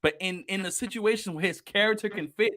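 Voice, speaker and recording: A man hosting a casual podcast, talking excitably and emphatically with plenty of cursing. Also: high voice, fairly quick. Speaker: podcast host.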